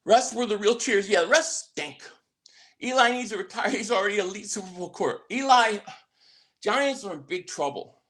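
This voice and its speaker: Man, high voice, excitable livestream host, stumbling restarts, chatting with viewers. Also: moderate pace. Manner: reads out and answers viewer chat. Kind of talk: casual livestream chat.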